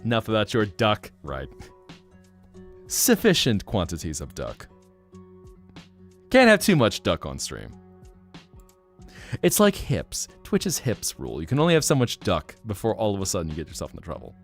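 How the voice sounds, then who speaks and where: A man's voice: fairly low pitch, faint music behind. A man chatting casually on a live stream, gushing and laughing easily. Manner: animated, chatty, quick to gush and laugh.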